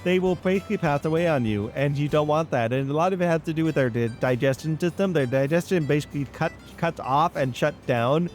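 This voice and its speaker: Guy rambling to viewers while he plays a train game, slightly high voice, some faint music behind. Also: brisk, hardly any pauses, darkish tone. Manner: rambling, chatty, addresses viewers directly. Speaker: gaming channel host. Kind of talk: casual gameplay chat and storytelling.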